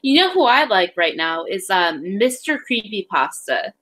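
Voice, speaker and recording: A woman's voice: mid-range voice, big pitch swings, normal speed, fairly bright tone, rough recording. An adult woman chatting casually on a stream, blunt and reassuring. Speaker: guest in the stream. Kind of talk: casual chat.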